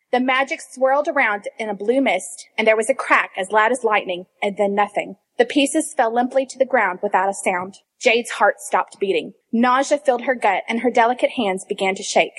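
A woman with a fairly high voice reads fan fiction aloud, expressive and animated. She stops now and then to laugh or to comment on the text. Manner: expressive, breaks into laughter and asides. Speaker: reader.

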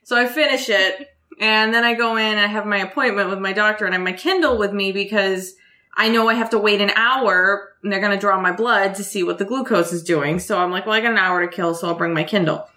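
Bright-voiced woman chatting on a podcast. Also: mid-range voice, brisk. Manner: chatty, lots of "like". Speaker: podcast co-host. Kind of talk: casual chat, storytelling.

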